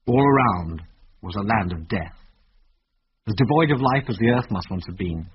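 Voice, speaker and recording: A man narrating an adventure story in a measured, vivid reading. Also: lowish voice, animated, husky. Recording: dull lo-fi radio recording with faint hiss.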